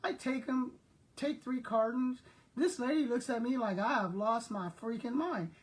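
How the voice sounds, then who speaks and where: A woman's voice: a little high, normal speed. An older woman from South Texas, a retired school principal, chatting casually and telling everyday stories straight to her viewers. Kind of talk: casual chat.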